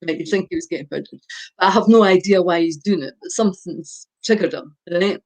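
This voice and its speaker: A woman's voice: on the low side, a little fast, a little mellow. An older woman, a guest expert, giving parenting advice in a podcast chat, stressing her points and checking in with "right?". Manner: emphatic, repeats points with a tag question.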